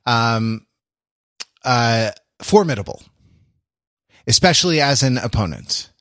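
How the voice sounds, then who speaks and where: A man's voice: medium pitch, big pitch swings, slow, a bit bright, dry recording, clean studio sound. A man hosting a podcast in casual chat, rambling with many fillers and restarts. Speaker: podcast host.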